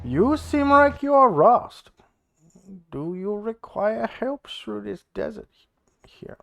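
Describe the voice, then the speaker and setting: A man's voice: sits high, sing-song, creaky, faint music behind, pitched above the performer's own voice, heavily acted. A man voicing a desert hare with a put-on West Asian accent. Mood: helpful. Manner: simple broken phrasing, slow and gentle. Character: polite male desert hare, broken speech.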